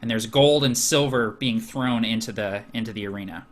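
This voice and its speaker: A man's voice: mid-range voice, moderate pace, fairly bright tone, slight background noise. A man narrating a tabletop game as game master, casual and full of fillers.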